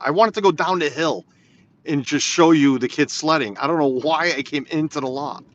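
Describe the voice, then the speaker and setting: Speaking at a normal speed with a fairly high-pitched voice, a man rambles through a casual live-stream chat from his car as he drives snowy roads, reading viewers' comments aloud. The recording is slightly dull lo-fi phone audio.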